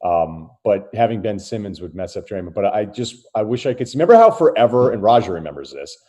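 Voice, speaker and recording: A man's voice: on the low side, big pitch swings, fast talker, dark tone. A man co-hosting a sports podcast, musing and trailing off as he talks. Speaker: podcast co-host. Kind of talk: casual sports talk.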